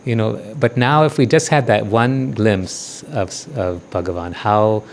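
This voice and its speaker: A man giving a devotional talk and guided meditation, speaking gently and often checking in with listeners. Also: on the low side, slight background noise. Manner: slow, soothing meditation guidance. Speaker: spiritual teacher.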